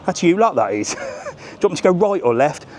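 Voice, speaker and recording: A man's voice: on the high side, sing-song, a little fast, slight background noise. A man chatting and joking with viewers while walking outdoors on a live vlog. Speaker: travel vlogger. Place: outdoors on a busy seafront. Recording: music loud in background. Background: music playing nearby.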